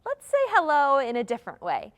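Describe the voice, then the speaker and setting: A woman's voice: sits high, wildly swooping pitch, brisk. A young woman leading a live children's story time, talking in a singsong, encouraging way to young children.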